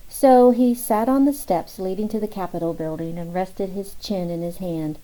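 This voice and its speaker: A woman reading a novel aloud in steady, even audiobook narration. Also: fairly low pitch, normal speed, low-quality recording. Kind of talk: scripted narration.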